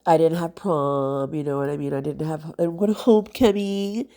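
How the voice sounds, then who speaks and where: A woman's voice: low-pitched, moderate pace, mellow. A woman, a mother, talking casually and heartfelt to camera as a nail vlogger, rambling with many fillers and sounding congested. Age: adult with children.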